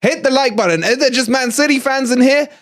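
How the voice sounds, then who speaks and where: Breathless and excitable, a middle-aged man from England gloats through a live match review for his fan channel, bantering with viewers. He speaks a little fast in a very high voice.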